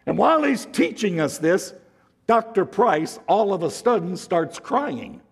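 Guy preaching slow and deliberate, big swings in his voice, goes loud then hushed, kinda husky. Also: sing-song, big-room sound. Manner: dramatic swings from emphatic highs to hushed lows. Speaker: pastor. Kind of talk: sermon.

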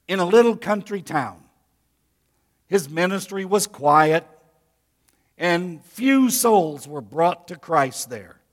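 A pastor preaching a sermon to his congregation, talking to them directly in a folksy way. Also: high voice. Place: church sanctuary.

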